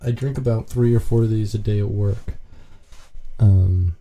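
A man's voice: fairly low pitch, steady tone, a little slow, background noise. A man co-hosting a podcast in casual chat, rambling and restarting his sentences. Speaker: podcast co-host.

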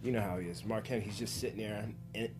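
A man chatting casually as a guest, telling lively stories and acting out the voices in them, stumbling over his words when excited. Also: fairly low pitch, fast, music in the background. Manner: animated storyteller, acts out voices in anecdotes. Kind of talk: casual podcast chat, storytelling.

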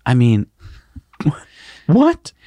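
A man co-hosting a casual tech news show, sarcastic and animated. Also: mid-range voice, very slow, no room sound. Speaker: co-host.

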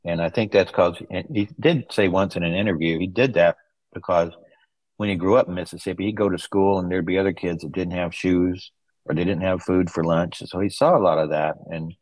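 A man's voice: low-pitched, a little mellow, no room sound, poor audio. A man, an author's son, telling casual anecdotes in an interview, acting out the voices of people he quotes. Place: West Coast wine region home.

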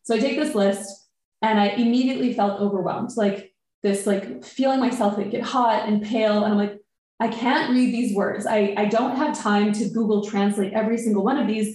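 A woman chatting casually on a podcast, telling an animated story and acting out her own inner thoughts. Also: mid-range voice, normal speed, heavy reverb, rough recording. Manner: animated storytelling, quotes herself.

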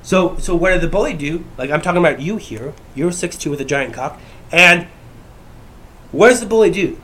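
A man's voice: high-pitched, expressive, moderate pace. Brash, profane man ranting. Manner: profane, brash, swings between shouting and mumbling. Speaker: YouTuber. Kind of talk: casual ranting monologue.

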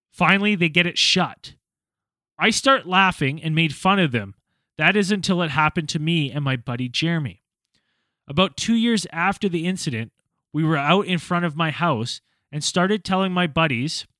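Bright-voiced young podcast host. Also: male voice, fairly high pitch, no room sound. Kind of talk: reading a listener story, then casual chat.

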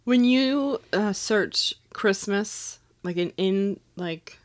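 A woman's voice: medium pitch, animated, very slow. A woman co-hosting a podcast, rambling and correcting herself as she chats with amusement about holiday romance books. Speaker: podcast co-host.

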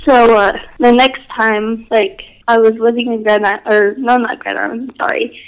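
Woman, casual storyteller, slightly high voice, loose and filler-heavy. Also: steady tone, moderate pace, smooth, poor audio. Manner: rambling, filler-heavy, says "like" often.

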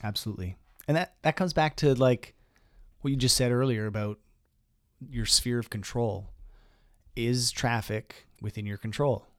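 A man in a casual podcast chat, relaxed and chuckling as he gives advice, his voice sitting at an ordinary middle pitch. He trips over his words and restarts, and the close microphone sounds dry with no room around it. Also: moderate pace, dry recording. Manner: relaxed, laughs often, restarts mid-sentence. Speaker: podcast co-host.

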